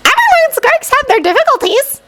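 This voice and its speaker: An excitable schoolgirl in a storybook reading , voiced by a woman, very high and squealing. Her talk bubbles over with enthusiasm. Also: brisk, full character voice. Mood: excited.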